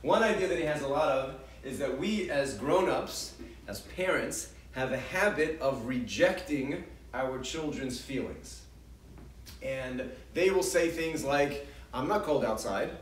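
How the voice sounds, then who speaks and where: A man's voice: medium pitch, animated, a little slow, distant mic. A man leads a parenting class in a loose, chatty style, repeating and restarting his words as he talks with the audience. He is picked up from across the room, so the voice comes out roomy, with a faint hum of the space behind it. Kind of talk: casual lecture with audience questions. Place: large hall with an audience. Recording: echoey hall recorded from afar.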